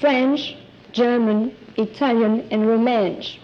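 A woman from Switzerland answers a quiz host in short, matter-of-fact replies. Her voice sits fairly high. It comes through a muffled old broadcast recording. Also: steady tone, slow pace, a little hiss or hum. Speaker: quiz show contestant.

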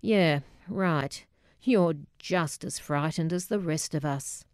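Woman doing a dry deadpan scottish mum, flinty and terse, low and unhurried. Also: clean tone, no room sound. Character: older mother, flinty and deadpan.

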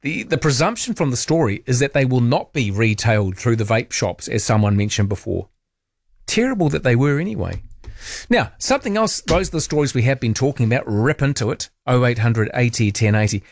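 A man's voice: medium pitch, animated, a little fast, dry recording. A man hosting talkback radio, chatty and opinionated, musing aloud with playful asides.

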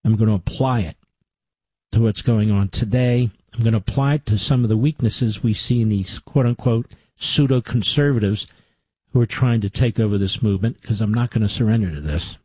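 Combative talk radio host, dark husky voice. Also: male voice, on the low side, a little fast, no echo. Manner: combative, conversational, with sarcastic asides. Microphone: studio microphone.

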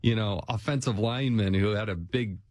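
A middle-aged man hosts a relaxed conversation in a fairly low voice. He is measured and reflective, weighing his words as he goes. The recording is dry and close, with no room sound. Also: no echo. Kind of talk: casual conversation.

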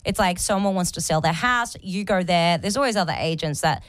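A woman's voice: fairly low pitch, brisk, no echo. A young woman co-hosting a radio show, telling a story in casual chat and acting out the quotes. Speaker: radio co-host and real estate agent.

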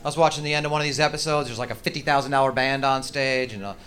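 Profane ranting stand-up comedian. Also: male voice, medium pitch, steady tone, racing, fairly bright tone. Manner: profane, ranting, mock-angry. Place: comedy stage. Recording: noisy live stage recording.

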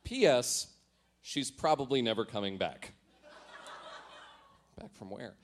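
A lowish, lively voice carries this man's measured reading of his teenage diary. Treating the entries with exaggerated, mock-earnest drama, the storyteller laughs at himself often and adds sheepish asides, turning the old pages into comedy.

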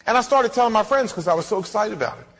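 A man's voice: high voice, rapid-fire, creaky, a little hiss or hum. A male pastor, preaching a sermon and acting out the dialogue of his stories with animation. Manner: animated storytelling, acts out dialogue. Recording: reverberant hall.

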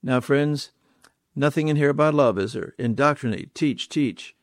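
A man's voice: mid-range voice, moderate pace, no echo, studio quality. A man preaching a sermon, stressing key words by repeating them and putting rhetorical questions to his listeners.

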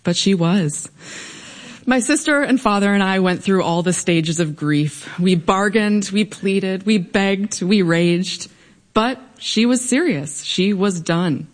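A young woman telling a humorous personal story on stage before a live audience, in a wry, lively way. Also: medium pitch, takes it slowly. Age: young adult.

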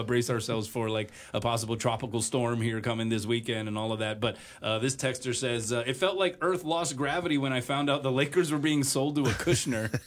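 A man hosting a sports talk radio show in a relaxed, conversational way. He pauses often and fills the gaps with hesitant uhs and ums. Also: mid-range voice. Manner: many filler uhs and pauses.

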